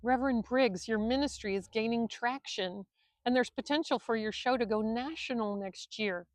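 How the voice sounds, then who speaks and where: A woman's voice: on the high side, moderate pace, dry recording, lightly acted. A woman voicing a prim, patient male speech trainer who talks politely and formally. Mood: insistent.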